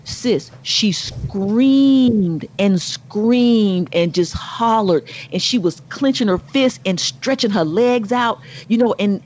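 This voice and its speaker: Co-host: middle-aged woman, animated storyteller, muffled lo-fi sound. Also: slow, hardly any pauses. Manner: animated storyteller, rises to high exclaims. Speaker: podcast co-host. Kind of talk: casual chat.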